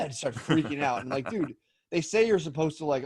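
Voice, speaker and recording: A man's voice: mid-range voice, quick pace, hardly any pauses, darkish tone, no echo. A man co-hosting a podcast over a remote call, telling rambling stories with lots of swearing and restarts. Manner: rambling storyteller, swears a lot, frequent restarts. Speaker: podcast co-host. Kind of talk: casual chat. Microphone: remote call mic.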